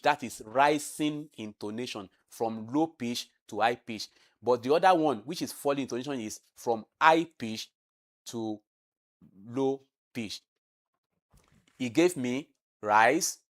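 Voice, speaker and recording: A man explaining exam questions in a lesson, repeating key terms and demonstrating intonation aloud. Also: mid-range voice. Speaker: teacher.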